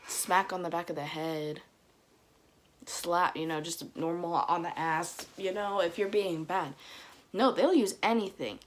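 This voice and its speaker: A young woman with a Dominican family background, telling comic stories to camera in a casual vlog, mimicking her mother's scolding and getting loud at the punchlines. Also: fairly low pitch, slight background noise. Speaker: vlogger. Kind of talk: casual comedic storytelling to camera.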